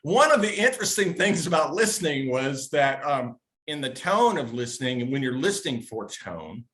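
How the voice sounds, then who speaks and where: A man's voice: medium pitch, very animated, moderate pace, fairly bright tone. Earnest man telling a sales story. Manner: earnest, searching for words. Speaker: caller in a Q&A session. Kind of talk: casual storytelling.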